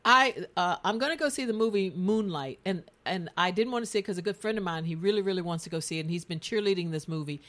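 A woman's voice: lowish voice, fast talker, hardly any pauses. Laughing woman telling a story. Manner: animated storytelling with frequent laughter. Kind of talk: casual chat.

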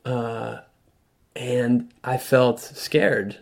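A man as an interview guest, telling a personal story in a thoughtful, halting way with frequent restarts. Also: medium pitch, level tone, gravelly, a little mellow. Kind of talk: reflective storytelling conversation.

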